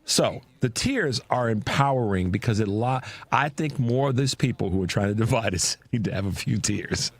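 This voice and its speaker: A man's voice: fairly low pitch, moderate pace, few pauses, breathy edge, no room sound. A man hosting a radio talk show, speaking emphatically in casual chat with frequent restarts. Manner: animated, emphatic, with repeated restarts.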